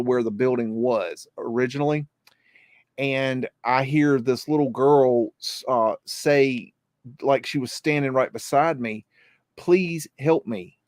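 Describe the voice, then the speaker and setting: A man's voice: medium pitch, a little mellow, dry recording, clean studio sound. A man from the United States co-hosting a casual podcast, telling a story hesitantly with many ums and restarts. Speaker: podcast co-host. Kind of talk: casual chat.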